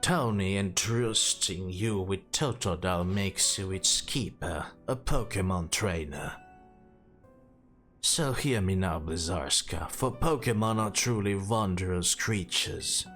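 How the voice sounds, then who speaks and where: A solemn, ancient giant of a man, played by a man. He speaks low, slow and ceremonious, every word weighed. Quiet game music runs beneath. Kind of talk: reading game dialogue aloud.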